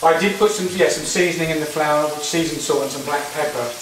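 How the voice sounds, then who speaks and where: Fast and somewhat high-pitched, this English man hosts a casual cooking demo from his home kitchen, chatty and rambling with frequent restarts. Expect background noise, echo, a distant mic, and frying sizzle.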